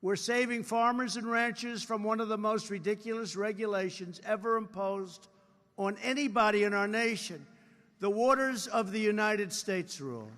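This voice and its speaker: In a large convention hall, with reverb from the live event, a man in his seventies gives a rambling political speech full of repeated phrases and boastful asides. His voice is high and a bit bright, at a moderate pace.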